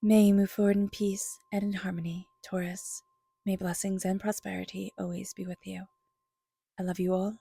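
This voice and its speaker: A woman giving a spiritual tarot reading in a soft, flowing voice with repeated affirmations. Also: medium pitch, level tone, moderate pace, creaky, breathy edge, no echo. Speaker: tarot reader.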